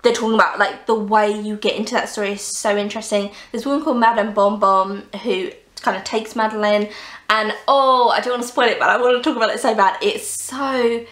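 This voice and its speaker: A woman's voice: medium pitch, steady tone, a little fast, fairly bright tone, echoey room. A young woman chatting enthusiastically on a casual book review vlog, gushing about the books she has read, recorded at home. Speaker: book vlogger. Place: indoors at home, under a blanket.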